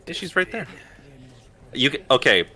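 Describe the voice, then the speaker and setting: A man's voice: on the high side, very animated, moderate pace, bright, forceful tone. A man chatting casually while a friend plays, giving tips and teasing her. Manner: laid-back, gives tips, teasing. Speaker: friend coaching the player. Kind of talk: casual gaming chat.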